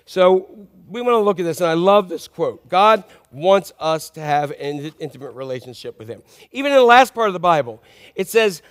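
A man's voice: high voice, animated, normal speed. A male pastor delivering a conversational sermon and often asking the congregation questions.

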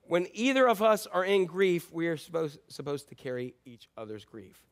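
A middle-aged male pastor preaches a sermon in a slightly high, sing-song voice at a moderate pace. He tells stories conversationally, swinging between loud emphasis and quiet asides.

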